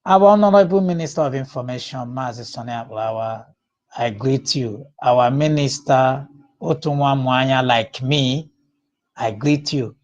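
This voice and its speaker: A man in a live audio room who opens with drawn-out chanted calls, then greets the listeners at length. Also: mid-range voice, a little mellow, highs cut off.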